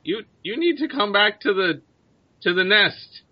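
A big male flying creature who leads his flock in a tabletop game, squawking short simple phrases in a raised, high voice, as a man puts him on. He is fixated on shiny things. The recording sounds slightly dull and lo-fi. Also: expressive, unhurried. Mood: insistent. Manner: high, clipped, simple-minded speech.

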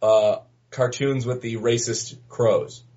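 Husky man rambling at a game table. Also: mid-range voice, steady tone, slow pace, mellow. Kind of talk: casual tabletop game chat. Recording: dull lo-fi recording.

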